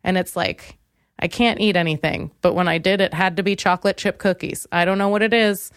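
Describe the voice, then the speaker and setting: Young woman comic host, low-ish smooth voice, loose rambling profane storytelling, dry close mic. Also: steady tone, a little fast, no echo. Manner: rambling, candid, profane, many fillers and restarts. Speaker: podcast host. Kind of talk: comedic storytelling monologue.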